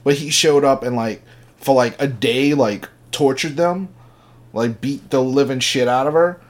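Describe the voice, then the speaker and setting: A male podcast co-host chats in a loose, casual way. He hesitates a lot and fills the gaps with filler words while he works his way into a story. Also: mid-range voice. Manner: halting, lots of filler words. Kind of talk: casual chat.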